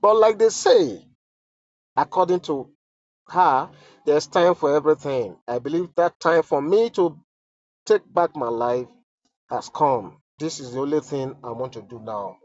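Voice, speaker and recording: A Nigerian man with a fairly high voice gives halting, emotional commentary on a letter, stammering and sighing between phrases. The sound is dry and close, with a slightly dull, muffled tone. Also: animated, darkish tone, no room sound. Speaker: online commentator.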